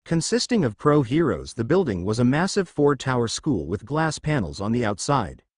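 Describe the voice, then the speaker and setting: A man's voice: medium pitch, big pitch swings, normal speed, no echo, studio quality. A man narrating a fan fiction story and reading every character's lines himself.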